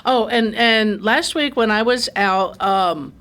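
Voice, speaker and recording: A woman's voice: fairly high pitch, slow pace, fairly bright tone. Chatty woman hosting a garden radio show. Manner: chatty, rambling with restarts and fillers. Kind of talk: casual radio chat. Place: radio studio.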